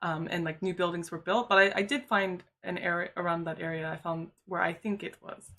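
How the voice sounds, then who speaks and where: Her voice sits on the low side, steady, brisk, pushed and bright, as this woman streamer recounts something personal in a casual chat. Loose and chatty, she keeps dropping "like" and "you know" into nearly every sentence.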